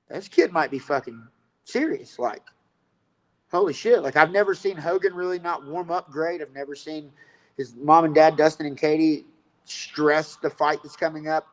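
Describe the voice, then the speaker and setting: A man's voice: fairly high pitch, fairly bright tone, poor audio. A man telling a rambling, profane story about fighting and coaching in a casual interview.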